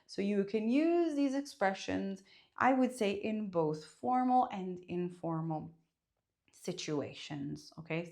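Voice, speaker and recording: An Italian woman teaching her language online, speaking with a clear Italian accent. Her voice swings widely up and down as she acts out how each phrase should sound. She takes her time, spelling things out at an unhurried pace. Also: mid-range voice. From Italy. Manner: expressive, emphatic, demonstrates intonation.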